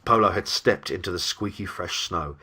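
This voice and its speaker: A man's voice: low voice, normal speed, breathy edge. A man narrating a horror tale in a dramatic audiobook reading. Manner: animated storytelling.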